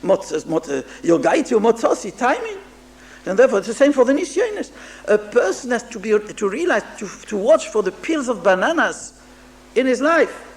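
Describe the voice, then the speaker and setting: A man, a rabbi, giving a moral sermon in English mixed with Hebrew terms, pausing and repeating words as he goes. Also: extremely high pitch, big pitch swings. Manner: halting, repeats words, mixes Hebrew terms into English, asks listeners "understand?". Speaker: rabbi giving a Musar talk.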